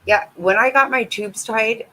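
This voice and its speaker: A woman's voice: a little high, a little slow, pushed and bright, a little hiss or hum, low-quality recording. A middle-aged woman talking bluntly and candidly with her viewers in a casual live-stream chat. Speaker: vlogger chatting with viewers.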